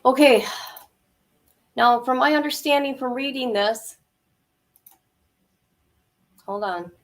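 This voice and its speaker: A woman hosting her channel, sounding shaken and halting as she comments and reads a news report aloud. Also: sits high. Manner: shaken, halting, many fillers. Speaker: channel host.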